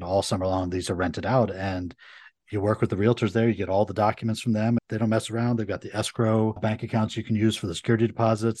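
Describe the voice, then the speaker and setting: Fast-talking lawyer guest, chatty man. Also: deep voice, a little mellow, husky, dry recording, studio quality. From Connecticut, USA. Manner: brisk, chatty storyteller. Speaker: attorney, podcast guest. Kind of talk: casual interview chat.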